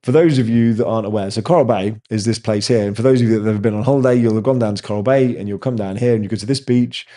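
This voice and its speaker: A man's voice: on the low side, racing, hardly any pauses, mellow. A man, hosting a casual live chat with viewers and telling rambling stories. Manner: rambling, chatty storyteller. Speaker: host answering viewer chat.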